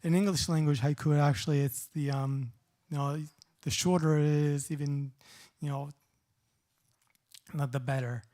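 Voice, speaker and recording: A middle-aged man giving a poetry reading at a live event, reading short poems and explaining them in a casual, halting way. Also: a little high, steady tone, warm tone. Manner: halting, many restarts and fillers when explaining.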